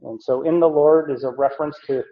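A man teaching a Bible passage as a pastor, slow and deliberate, with many pauses and fillers. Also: fairly high pitch, fairly even intonation. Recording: echoey room, dull lo-fi sound.

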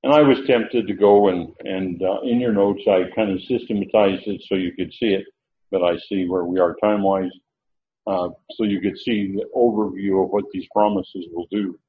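Male Bible teacher, sermon delivery, deliberate and emphatic; lo-fi tinny audio with faint hiss. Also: sits low, fairly even intonation. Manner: slow, emphatic, repeats key phrases. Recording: tinny phone-like lo-fi recording.

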